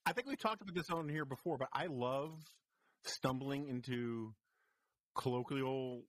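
A man's voice: mid-range voice, unhurried, no echo. A man co-hosting a podcast, teasing and telling anecdotes in casual chat. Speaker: podcast co-host.

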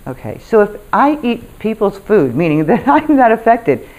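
A woman speaking in a casual storytelling monologue about empathy, animated and frank, laughing often and swearing freely. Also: mid-range voice, moderate pace, narrow, tinny audio.

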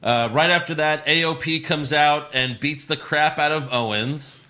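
A man's voice: on the high side, moderate pace, bright, forceful tone. A man co-hosting a casual chat podcast, recapping events in a loose, jokey way. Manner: loose, laughing, jokey recapping with put-on voices. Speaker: podcast co-host recapping wrestling.

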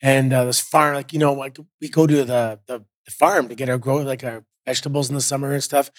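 A man's voice: medium pitch, fairly quick, no room sound, studio quality. A middle-aged man from Canada, a podcast guest chatting casually and telling stories with lots of fillers. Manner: relaxed storyteller, many fillers. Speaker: guest, former wrestler. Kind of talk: casual interview chat.

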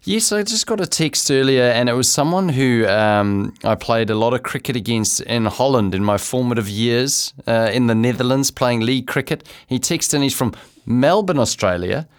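Kiwi ex-cricketer co-host, jokey, laughs easily. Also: male voice, medium pitch, animated, moderate pace, clear, resonant tone. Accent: New Zealand. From New Zealand. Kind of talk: casual sports chat.

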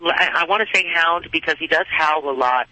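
A woman's voice: deep voice, fairly quick, pushed and bright, slight background noise, rough recording. A woman from Southern California calling in to a radio show, talking in a hesitant, rambling way with many fillers. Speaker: caller. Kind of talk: phone-in question.

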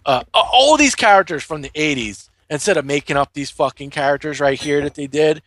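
A man's voice: a little high, expressive, fairly quick, a bit bright, dry recording. A man recapping a comic in casual chat, swearing constantly and rambling through fillers as he tells the story.

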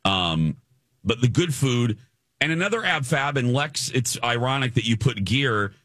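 A man's voice: medium pitch, expressive, unhurried, fairly bright tone, no echo, clean studio sound. A man from the Chicago area co-hosting a radio show, chatting with enthusiasm and often restarting his sentences. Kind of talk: casual chat.

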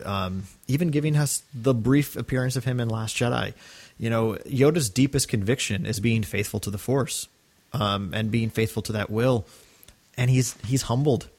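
A man co-hosting a podcast, talking earnestly and enthusiastically in casual chat, with many fillers and restarts. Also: on the low side. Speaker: podcast co-host.

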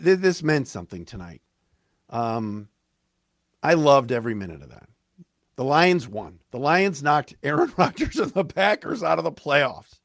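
Man, sports podcast host, excited rant, cracking voice, dry close sound. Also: a little high, no room sound. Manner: fired-up, rapid, stumbling restarts.

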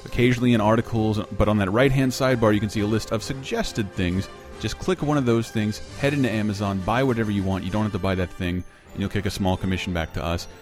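A man's voice: fairly low pitch, fast, soft background music. A man hosting a podcast, chatting casually, joking and swearing freely as he rambles. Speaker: podcast host.

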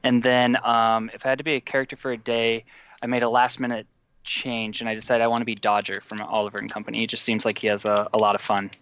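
A man's voice: mid-range voice, flat delivery, quick pace, fairly bright tone, smooth, dull audio. A man from Boston, a trivia contestant chatting with upbeat enthusiasm. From Boston, Massachusetts. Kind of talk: casual chat on a call.

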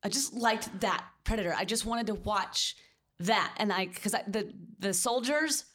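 A woman's voice: mid-range voice, a little slow, a bit bright. A woman from the American South co-hosting a casual movie podcast, rambling and restarting her sentences. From Southern United States. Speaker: podcast co-host. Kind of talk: casual movie-review chat.

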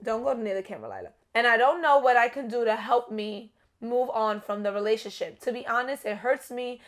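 A young woman co-hosting a casual relationship-advice podcast, talking loudly and animatedly and swearing freely. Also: on the high side, animated, fairly quick. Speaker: podcast co-host.

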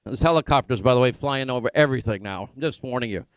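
A man hosting a political talk radio show from a remote broadcast location, firing off rapid rhetorical questions. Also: medium pitch, smooth, no echo.

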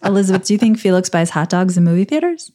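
A woman's voice: medium pitch, lively intonation, quick pace, warm tone. A woman co-hosting a podcast, explaining things in a chatty, amused way. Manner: chatty, amused, lots of "like" fillers. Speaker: podcast co-host. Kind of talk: casual chat.

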